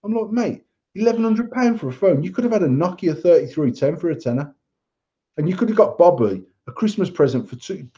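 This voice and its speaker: A man's voice: sits high, expressive, a little fast, mellow. Blunt, sweary man ranting. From England. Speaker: podcast co-host. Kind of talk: casual chat. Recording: dull lo-fi sound.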